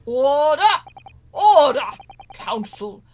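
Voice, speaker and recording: A woman streamer voicing a stern elderly male courtroom judge, commanding and booming as she reads the game's lines. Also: expressive, a little slow, a bit bright, a little hiss or hum. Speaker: game streamer. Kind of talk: reading game dialogue aloud.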